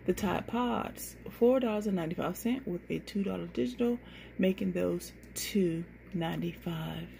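A woman's voice: on the low side, normal speed, creaky, warm tone, slight background noise. A woman vlogger walking viewers through coupon deals item by item in a chatty, casual way. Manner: chatty, lists prices item by item, says y'all. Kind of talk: casual deal walkthrough to camera.

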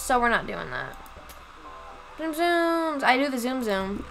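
A woman's voice: a little high, very animated, a little fast, a bit bright, a little hiss or hum, low-quality recording. A woman streaming a game live, chatting casually and giggling, with a self-deprecating manner.

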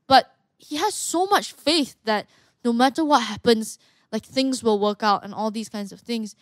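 Brief: young woman, fairly high, earnest podcast guest, dry close sound. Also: moderate pace, no room sound. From Malaysia. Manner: earnest, talkative, with frequent restarts. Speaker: guest, martial arts fighter. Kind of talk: casual podcast conversation.

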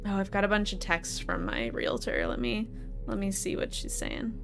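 A woman's voice: medium pitch, big pitch swings, normal speed, over music. A young adult woman from New England chatting casually as she plays a game live and talks to her chat, laughing often. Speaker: streamer. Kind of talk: live gameplay commentary.

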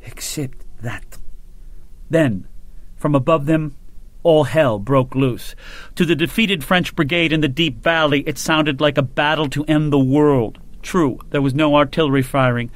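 A man reading an audiobook in measured, grave scripted narration. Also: a little high.

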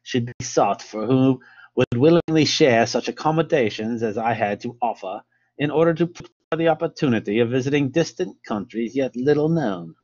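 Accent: put-on British. Figure: formal old naval captain, read aloud by an American man. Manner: stiff, measured, old-fashioned prose. Pitch: middling. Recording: slightly dull lo-fi. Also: lively intonation, darkish tone, lightly acted.

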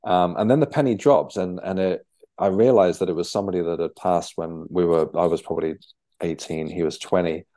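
Guest: young man, deep and mellow, halting storyteller who keeps restarting. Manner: halting, with frequent restarts and fillers. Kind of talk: conversational storytelling.

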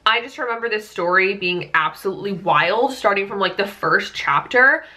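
Young woman, book vlogger, casual chat, bright tone, lots of "like". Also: mid-range voice, animated, moderate pace. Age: 20s. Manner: chatty, full of "like" and amused disbelief.

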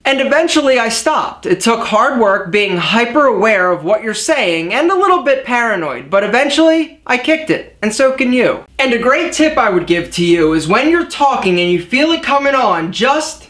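Lively jokey man giving advice. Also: sits high, echoey room. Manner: jokey, energetic, coaching. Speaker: image consultant and vlog host. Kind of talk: advice vlog.

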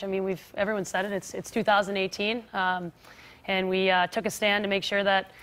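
Bright-voiced woman, talk show guest. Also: mid-range voice. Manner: earnest, with many fillers. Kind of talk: casual interview answers. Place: TV studio.

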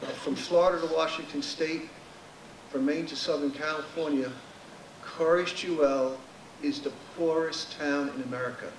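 Man, public commenter, higher voice, blunt emphatic, echoey, distant. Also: fairly even intonation, normal speed, slight background noise. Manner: nervous start, blunt and emphatic. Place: legislature chamber. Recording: echoey chamber, speaker off-mic.

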